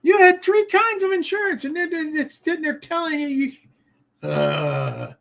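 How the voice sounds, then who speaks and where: Older retired hobby host, unhurried chat-show delivery with a lively, up-and-down voice and easy laughter. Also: high voice, creaky. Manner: easygoing, laughs often while talking. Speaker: host of a live model train chat show. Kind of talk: casual live-stream chat reacting to viewer comments.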